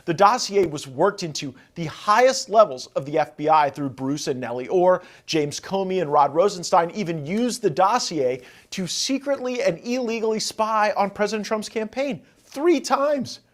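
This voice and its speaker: A man giving a formal, measured account of a hearing, reading quoted exchanges. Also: sits high, lively intonation. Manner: measured, prosecutorial, reads quotes.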